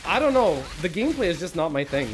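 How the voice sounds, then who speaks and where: A man's voice: on the high side, sing-song, quick pace, a little hiss or hum. A man giving casual live commentary while playing a game, rambling and self-deprecating as he thinks aloud. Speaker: gaming livestreamer.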